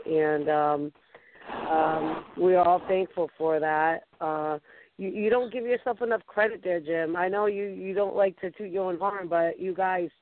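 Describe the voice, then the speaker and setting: A woman host with a Boston accent, chatting effusively in an interview, halting often with fillers. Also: lowish voice, no echo. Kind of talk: casual interview chat. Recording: tinny phone line, dry.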